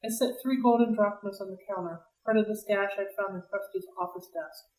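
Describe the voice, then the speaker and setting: Lady reading a chapter out loud for a library read-along, lively, echoey room, sits kinda far from the mic. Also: medium pitch, fairly quick. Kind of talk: reading a novel aloud. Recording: roomy, distant mic.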